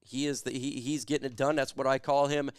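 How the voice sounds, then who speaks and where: A man hosting a live sports stream, reading viewer comments quickly and shouting catchphrases with lots of energy. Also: mid-range voice, flat delivery, clean tone.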